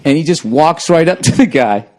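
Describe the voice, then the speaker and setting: A man's voice: fairly high pitch, expressive, moderate pace, darkish tone. A man hosting a podcast, telling a story in casual chat, swearing a lot and laughing through it. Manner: profane, laughs through his own story. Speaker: podcast host.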